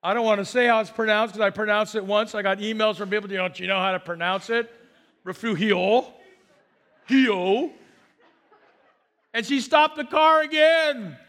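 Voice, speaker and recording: Brief: male pastor, middle-aged, high-pitched, lively storyteller in a sermon. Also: fairly quick, few pauses. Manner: animated storyteller, acts out quotes with big swings.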